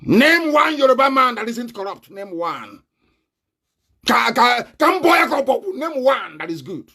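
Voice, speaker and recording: A man with a Nigerian accent giving a combative live online broadcast, laughing often and breaking into shouts. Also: very high-pitched, big pitch swings, unhurried, breathy edge.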